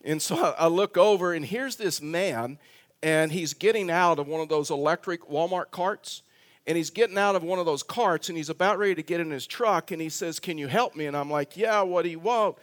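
A middle-aged man, a pastor, telling a self-mocking story in a sermon with halting restarts. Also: on the high side. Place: church sanctuary.

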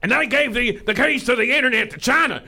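Man impersonating an angry shouting radio host with a put-on Texan accent, high and brash. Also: creaky, heavily acted. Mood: ranting. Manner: shouting, rapid, frantic sales pitches. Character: ranting male conspiracy radio host, angry.

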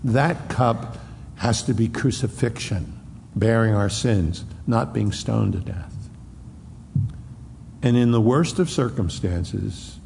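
A man preaching an expository sermon, acting out the Bible dialogue in a raised voice and dropping to a hushed tone on solemn lines. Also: lowish voice, vocal fry, in a large hall, a little hiss or hum. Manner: acts out the dialogue between Pilate and Jesus in a raised voice. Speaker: pastor.

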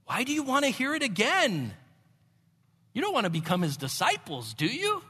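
Healed blind man, bold and fed up, high bright voice, put on by a preacher, hall echo. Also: huge pitch swings, normal speed, breathy edge, heavily acted. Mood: exasperated. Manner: exasperated, raising pitch sharply. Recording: long hall reverb.

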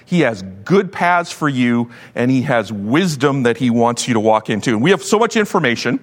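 A man in his fifties, a pastor giving a sermon with animated, joking storytelling. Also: medium pitch, moderate pace. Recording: long hall reverb.

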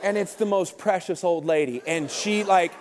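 A man preaching a sermon as comic storytelling, animated and breaking into shouted bursts. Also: high voice, moderate pace. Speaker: pastor. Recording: long hall reverb.

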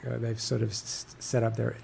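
A man talks in a relaxed interview, his voice carrying a gravelly rasp. He halts often, restarting sentences and filling pauses with ums and uhs as he works through an idea. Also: mid-range voice, slight background noise. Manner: halting, many fillers and restarts. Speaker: author guest. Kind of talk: interview conversation.

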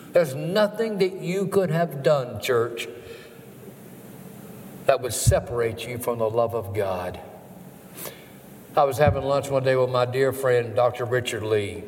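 A man's voice: medium pitch, a little mellow, a little hiss or hum. A man preaching an emotional sermon as a guest preacher, repeating words in a rising and falling emphatic cadence. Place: church sanctuary. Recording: long church reverb, faint ambience.

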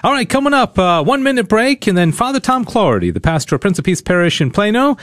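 A man's voice: high voice, big pitch swings, fast, a bit bright, dry recording. A man hosting a live radio talk show, joking with his co-hosts and speaking with frequent fillers into a studio microphone.

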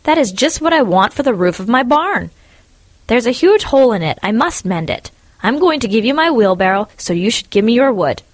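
A woman's voice: medium pitch, expressive, fairly quick, no echo, pitched above the performer's own voice, close to an everyday voice. A woman voicing a selfish, self-serving miller in a storybook reading, who talks in a preachy, sanctimonious way about friendship. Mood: scheming.

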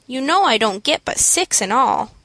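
A woman reading the part of a modest teenage boy who speaks low and gently protests. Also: animated, normal speed, no echo. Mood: earnest. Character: earnest, modest teenage boy, soft-spoken.

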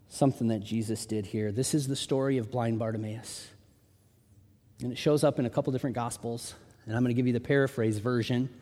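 Man, pastor, high voice, animated sermon storytelling, long hall reverb. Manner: animated storytelling, rising to shouts in quotes.

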